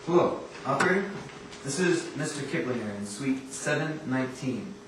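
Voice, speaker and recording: A man's voice: medium pitch, moderate pace, natural voice. A young man playing an eager, coaxing male Hollywood producer on a school stage. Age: teens. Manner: lively, coaxing, showy. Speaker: student actor in a school play. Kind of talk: stage acting. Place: school stage before an audience. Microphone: far camera in the hall. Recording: echoey stage recording, far off, noisy.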